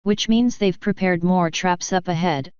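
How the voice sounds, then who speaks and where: A woman's voice: fairly low pitch, measured pace, darkish tone, clean tone, dry recording, muffled recording, natural voice. A woman voicing a blunt, crude young swordswoman with a dry way of talking.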